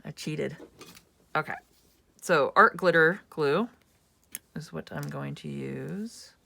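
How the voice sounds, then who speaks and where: A woman's voice: sits low, slow pace, vocal fry, pushed and bright, no room sound. A woman hosting a casual craft tutorial, chatting and thinking aloud as she works at home. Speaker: craft channel host.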